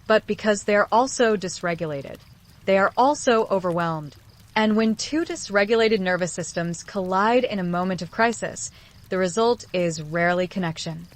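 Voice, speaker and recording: A relationship psychology video host, a woman with a medium-pitched voice, narrates a scripted self-help piece about relationships. She sounds calm and earnest and addresses the listener directly.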